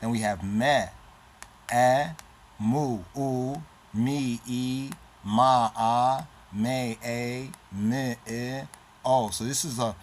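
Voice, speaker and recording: A man's voice: mid-range voice, a little hiss or hum. A man giving a lesson on an alphabet, reciting syllables one by one and often checking in with "right?". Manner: deliberate, repeats letters and sounds aloud, says "right?" often. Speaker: teacher of the Ge'ez script.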